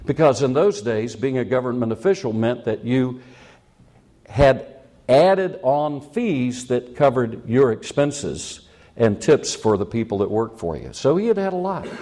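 A man's voice: mid-range voice, sing-song, unhurried, mellow. A man preaching a sermon, telling a personal story in a chatty, self-mocking way and chuckling at his own jokes.

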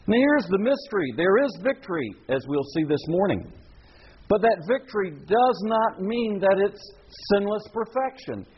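A man's voice: sits high, expressive, moderate pace, dull audio, a little hiss or hum. A man preaching a sermon in an earnest, emphatic way, asking the listeners questions. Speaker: pastor.

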